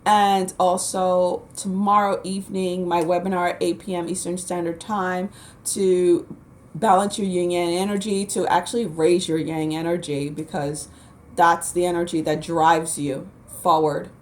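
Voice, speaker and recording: A woman hosting her own channel, giving chatty, animated spiritual commentary to camera and laughing often. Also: fairly low pitch, measured pace, slight background noise. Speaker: channel host. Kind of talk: casual spiritual commentary vlog.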